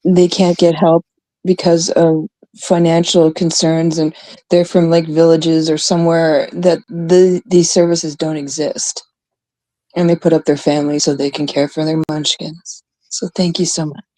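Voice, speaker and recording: With a low, slightly slow voice on a dry recording, a Canadian livestream host talks casually with her viewers. She's blunt and animated, swearing her way through rants.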